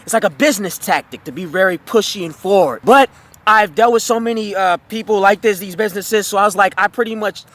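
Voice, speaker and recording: A man's voice: sits high, a little fast, fairly bright tone. A man telling a storytime tale as a heated, profane rant, rambling with fillers and restarts.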